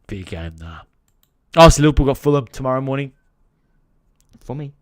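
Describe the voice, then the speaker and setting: A man hosting a football live stream, complaining to his viewers and swearing freely as he rants. His pitch swings widely, rising and falling with each complaint. The sound is close and dry, with no room echo. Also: animated, normal speed. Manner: frustrated, talks to viewers directly. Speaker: football channel host. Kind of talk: casual live-stream chat.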